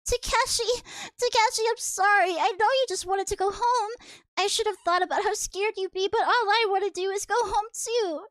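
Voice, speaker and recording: A frantic young schoolgirl, put on by a woman reading a manga aloud, shrill and pleading for her little brother. The voice climbs well above the reader's own, recorded close and dry. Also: normal speed, a bit bright, dry recording. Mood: remorseful.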